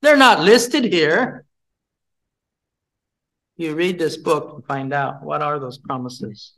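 Slow high-voiced man teaching a Bible study. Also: vocal fry, a bit bright, low-quality recording. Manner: repeats points, asks the group questions.

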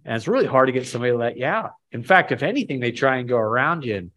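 A man's voice: medium pitch, expressive, rapid-fire, fairly bright tone. A man leading a casual Bible study, talking in a rambling, self-deprecating way and asking the group questions.

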